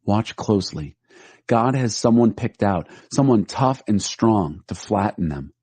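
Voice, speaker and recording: Low-voiced man reading scripture. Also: expressive, a little slow, a little mellow, husky, dry recording.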